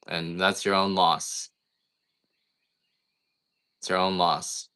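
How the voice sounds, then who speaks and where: A middle-aged man talks casually and bluntly on a livestream, wandering from one complaint to the next. His voice sits low in pitch yet has a tense, bright edge. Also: level tone, measured pace, pauses often, smooth. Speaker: coffee farmer selling on a livestream.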